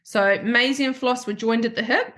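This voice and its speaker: An Australian woman hosting a podcast, telling a personal story in an emotional, animated way and acting out the dialogue. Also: on the high side, normal speed. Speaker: podcast host.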